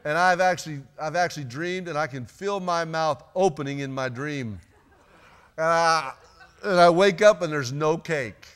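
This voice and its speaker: A man's voice: a little high, moderate pace, a bit bright, clean tone. A man preaching a sermon in a church, chatty and joking with the congregation between readings. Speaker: pastor. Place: church sanctuary.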